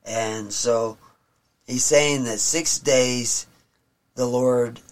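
With a mid-range voice and steady tone, a man teaches from the Bible, reading verses slowly and solemnly before explaining them in plain talk.

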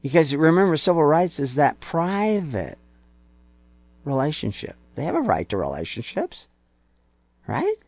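A man preaching a sermon, building to loud, emphatic peaks and putting on mocking voices for quoted people. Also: a little high, wildly swooping pitch, unhurried, pauses often, no room sound.

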